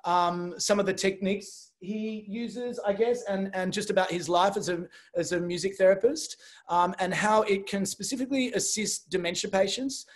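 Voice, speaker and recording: A man's voice: high voice, fairly even intonation, moderate pace. A man hosting a live online show, chatty and joking, rambling with fillers. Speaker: host. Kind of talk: casual livestream hosting.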